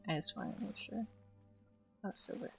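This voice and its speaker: A woman's voice: moderate pace, pushed and bright, faint music behind. A woman streaming a game, talking to herself in a jittery, easily spooked way as she plays. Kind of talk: casual gameplay commentary.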